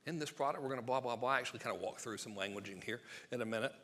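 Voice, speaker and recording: Excitable man in a reverberant hall. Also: medium pitch, a little hiss or hum. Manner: excitable, fast, joking, acts out quotes. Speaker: sales copywriting presenter. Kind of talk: live seminar talk.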